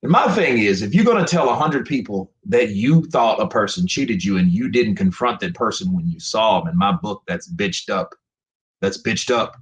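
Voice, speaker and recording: A man talks straight into his stream, frustrated and emphatic, repeating himself as he swears his way through a rant. His pitch jumps around a lot, and the room behind him is echoey. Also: animated, moderate pace, a little hiss or hum. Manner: emphatic, profane, repetitive. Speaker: boxing commentator streamer. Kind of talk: live stream commentary rant.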